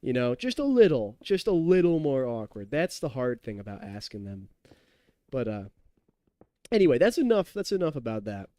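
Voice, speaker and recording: A man's voice: medium pitch, very animated, normal speed, dark tone, no echo, clean studio sound. A tipsy young man in his twenties streaming a game, rambling and chatty, laughing and talking to his chat. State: tipsy from drinking. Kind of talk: casual live-stream chat while gaming.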